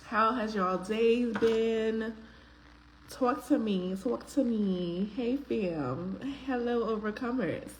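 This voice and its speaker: A woman's voice: on the high side, slow, slight background noise, rough recording. A woman, hosting a live faith-based talk stream, greeting viewers by name in a chatty way with frequent ums. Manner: uses casual slang, filler ums. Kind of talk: casual live-stream chat.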